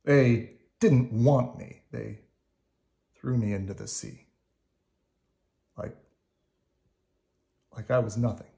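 Sulky, hurt demigod read by a man for a storybook, gruff and slow, mid-pitched. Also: dark tone. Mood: sad.

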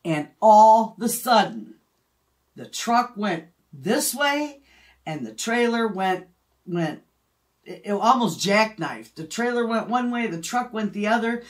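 A middle-aged woman talks casually to her viewers. She is a chatty storyteller who laughs often, in a voice of ordinary pitch. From Michigan, USA. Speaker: homestead vlogger. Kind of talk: casual chat.

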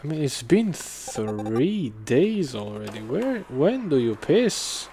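A man's voice: mid-range voice, big pitch swings, slow pace, dark tone, slight background noise. A man giving wry let's-play commentary, muttering and swearing casually. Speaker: game commentator. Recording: faint game music behind.

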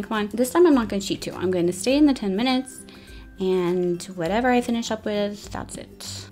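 A young woman giving casual commentary over her own game, chatty and self-mocking, often flustered as she races the clock. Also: on the high side. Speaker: gaming YouTuber.

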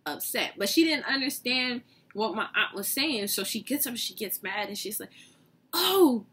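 A young woman vlogger telling a casual storytime, animated and often breaking into laughter. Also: on the high side, normal speed, slightly rough.

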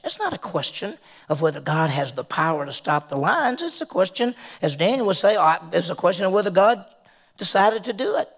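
A male pastor preaching a sermon in a conversational way, with emphatic rises and soft asides. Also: high-pitched, big pitch swings, brisk, vocal fry.

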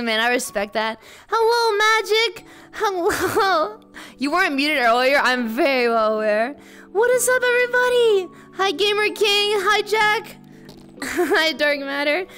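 A woman with a very high, sharp, bright voice chats playfully with her live-stream viewers. Her voice is slightly sore and strained, and faint music plays behind her. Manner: bubbly, playful, greets chat excitedly. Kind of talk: casual live-stream chat.

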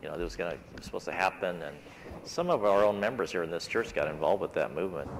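In a church classroom, a man with a low, creaky voice speaks fast and animatedly while casually leading his Sabbath School Bible class through the material. There is church-hall reverb and slight background noise.

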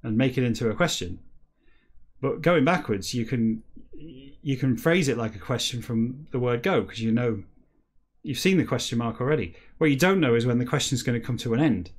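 Wry British man in his comedic podcast monologue, deadpan and rambling, mid-pitched, drawling slowly through the reading parts. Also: husky. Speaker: podcast host reading a novel backwards.

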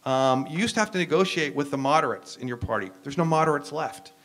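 An American university professor speaking on a panel, explaining at length with frequent "um"s and restarts. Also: male voice, a little high, quick pace, fairly bright tone. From United States. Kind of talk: lecture-style discussion.

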